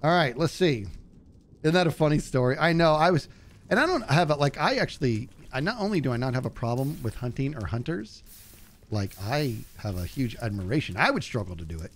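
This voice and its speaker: A man streaming a game, telling a story in a casual way and acting out the people in it with a higher voice, laughing often. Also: brisk. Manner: animated, acts out quotes in a higher voice, laughs often. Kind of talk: casual storytelling while gaming.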